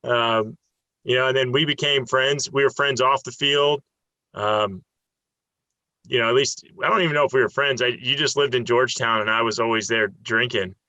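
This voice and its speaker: Bright-voiced man telling stories. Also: mid-range voice, moderate pace, dry recording, dull audio. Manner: storytelling, animated, many fillers. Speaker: podcast host. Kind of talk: casual chat.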